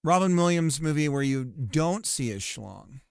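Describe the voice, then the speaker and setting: A man's voice: on the high side, animated, measured pace, gravelly, clear, resonant tone, no room sound. Male streamer, casual and jokey, telling loose stories; clean, resonant voice with a dry, close sound. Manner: rambling, jokey storytelling. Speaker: streamer and game developer. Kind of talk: casual chat while playtesting.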